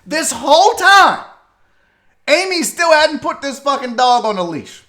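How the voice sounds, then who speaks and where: A male talk show host giving a profane, animated comedic commentary on a viral video, laughing often. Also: very high voice, a little slow. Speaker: sports radio host.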